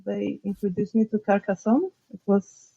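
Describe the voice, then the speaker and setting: A young woman from Poland, a podcast guest, chatting casually in a hesitant, halting way and laughing often. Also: mid-range voice, gravelly, warm tone, breathy edge, no echo, muffled recording. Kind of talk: casual chat.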